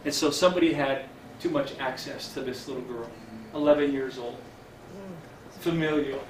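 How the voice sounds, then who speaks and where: A middle-aged man, a chaplain, gives an earnest storytelling talk to a church audience, with halting fillers and restarts and a hush for quoted speech. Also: medium pitch, steady tone. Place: church hall. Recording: echoey hall, distant mic, faint hiss.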